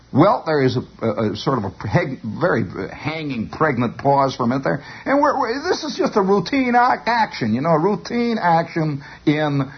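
A man telling a long rambling story on the radio, animated and stammering, on a dull lo-fi broadcast. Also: fairly high pitch, normal speed, hardly any pauses, breathy edge. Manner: animated, stammering repetitions, chuckling.

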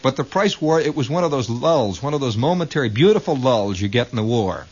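A man's voice: medium pitch, animated, fairly quick, breathy edge. A man hosting a radio show, telling a rambling comic story in a wry, storytelling manner with mock-military asides, on a lo-fi old broadcast recording. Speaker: radio host.

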